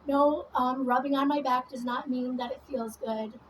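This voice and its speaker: A woman's voice: high-pitched, steady tone, moderate pace, slight background noise, low-quality recording. A woman vlogging in a casual, rambling monologue full of swearing and fillers while she does her makeup. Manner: rambling, profane, many fillers. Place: at home doing her makeup.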